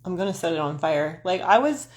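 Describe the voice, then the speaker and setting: A woman in her forties talks to her viewers from home in front of a webcam. She wanders between astrology and her own life, swears casually and pokes fun at herself. Her voice sits a little low. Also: expressive, brisk, darkish tone. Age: 40s. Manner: scattered, swearing, self-deprecating, talks to chat viewers. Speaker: astrology livestreamer. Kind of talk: rambling livestream chat. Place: home, seated in front of camera.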